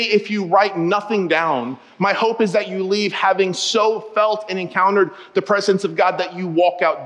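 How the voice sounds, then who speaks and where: A man with a notably high voice preaching in a church auditorium, with the long reverb of a big hall behind every line. He tells personal stories with humor and turns to the congregation often, keeping things lively and direct. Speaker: pastor. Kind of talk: sermon with humorous storytelling.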